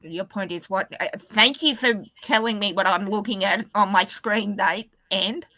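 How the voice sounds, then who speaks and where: A woman in casual sports chat who teases her co-hosts in quick back-and-forth. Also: mid-range voice, bright, forceful tone, dry recording. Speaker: podcast co-host.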